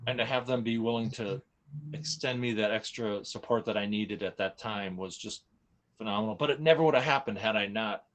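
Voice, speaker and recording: A man's voice: on the low side, a little fast, fairly bright tone. A man openly recounting a hard personal experience in casual conversation, emotional and frank, often restarting his sentences. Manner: emotional, open, frequent restarts and self-corrections. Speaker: guest sharing a personal story. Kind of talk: candid personal storytelling in casual chat.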